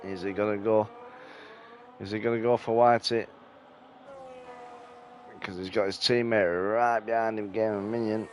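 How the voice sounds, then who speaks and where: A man's voice: fairly low pitch, a little slow, long pauses, slight background noise. Sleepy, laid-back male race commentator. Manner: relaxed, sleepy, yawning between calls. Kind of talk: casual live-stream race commentary. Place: at home on a sofa.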